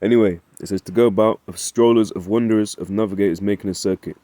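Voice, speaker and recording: The voice is on the low side, steady and warm, moving fast in a dry recording. He teaches an informal Bible study, speaking conversationally, frequently asking "right?" and reading scripture in old-fashioned phrasing.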